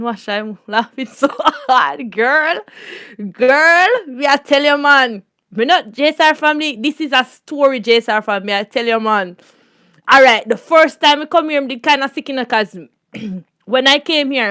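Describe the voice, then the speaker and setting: A woman with a Jamaican accent hosting a casual storytime chat, animated and laughing often. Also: sits high, no echo, clean studio sound. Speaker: channel host.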